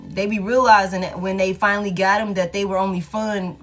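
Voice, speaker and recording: A woman's voice: mid-range voice, steady tone, brisk, faint music behind. A woman doing a casual tarot reading. She talks bluntly, swears freely and repeats her lines. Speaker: tarot reader.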